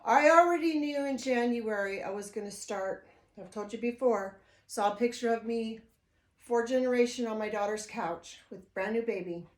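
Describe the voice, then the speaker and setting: Talking to the camera from home, an older woman speaks at a normal speed in a high-leaning voice. Her chat is emotional and rambling, full of restarts, and the room echoes around her.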